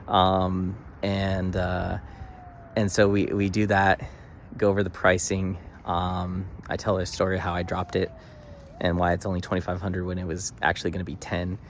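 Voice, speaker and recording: A man's voice: low voice, completely flat delivery, normal speed, a little hiss or hum. A young man vlogging, telling a story casually with emphatic bursts and lots of fillers and restarts.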